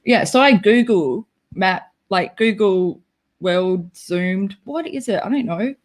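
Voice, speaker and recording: This young Australian woman runs a casual livestream and responds to her chat with chatty self-deprecation. Her medium-pitched voice has lively intonation and moves at a slow pace.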